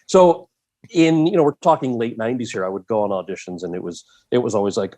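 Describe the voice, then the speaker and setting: Lively man telling a story. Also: mid-range voice, fairly quick. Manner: animated, acts out quoted voices in his anecdotes. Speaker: guest. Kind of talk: storytelling in a podcast interview.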